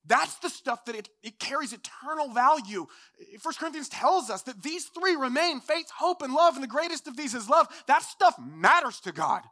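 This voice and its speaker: A young adult man preaching a sermon as pastor, impassioned, swinging from loud declarations to hushed, low passages. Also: very animated, normal speed.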